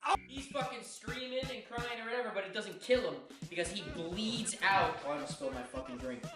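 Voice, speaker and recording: A young man rambling profanely and excitably through a comedic retelling of game lore, sounding drunk. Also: high-pitched, fairly quick. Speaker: host. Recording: echoey room, far from mic, faint music.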